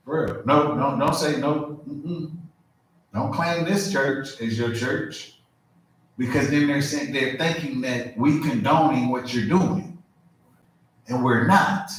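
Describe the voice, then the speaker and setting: Echoey, animated male preacher. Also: medium pitch, slow pace, slight background noise. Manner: informal, asks "you feel me?"; animated, with asides and restarts. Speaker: pastor. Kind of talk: conversational sermon. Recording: very echoey room, mic far off.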